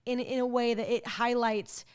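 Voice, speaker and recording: A young woman, a country singer, talking as a podcast guest in an animated, chatty way, full of fillers as she tells a story. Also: on the high side, normal speed, clean tone. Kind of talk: casual interview chat.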